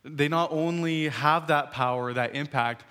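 A man's voice: a little slow, clear, resonant tone. A man in his thirties telling a funny story to a live audience, acting out the quotes in a raised voice and laughing as he goes. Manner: animated, acts out quotes in a higher voice, laughs while telling.

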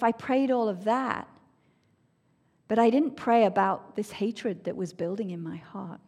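A woman shares a personal faith testimony in an earnest, emotional way. Her voice sometimes sinks to a soft, hushed near-whisper. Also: mid-range voice, steady tone, unhurried. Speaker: speaker sharing a personal testimony.

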